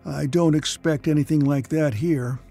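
A man's voice: a little high, steady tone, normal speed, creaky, warm tone, soft background music, voice pushed up. A man voicing a worn-out engineer who speaks wearily and with irritation. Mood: weary. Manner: tired, weary delivery. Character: weary, irritable male engineer.

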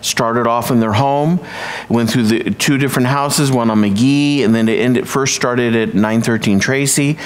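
Playful man giving a church sermon. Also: medium pitch. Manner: playful, hamming up corny jokes; slow, affirming prayer cadence. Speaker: church speaker leading the service. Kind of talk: prayer and sermon. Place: church sanctuary.

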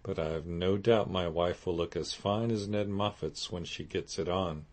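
A man reading an audiobook voices a kind young husband, speaking in a measured, dry way. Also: low-pitched, steady tone.

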